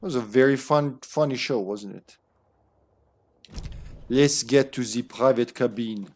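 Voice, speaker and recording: A man's voice: medium pitch, a little slow, darkish tone. Chatty rambling man streaming a game. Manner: chatty and rambling, with many fillers and restarts. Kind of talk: casual gameplay commentary.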